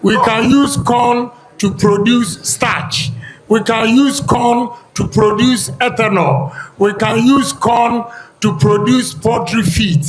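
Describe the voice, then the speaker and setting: A Ghanaian man giving a campaign speech, speaking deliberately and listing his points one by one. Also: very high-pitched, rough recording. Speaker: politician.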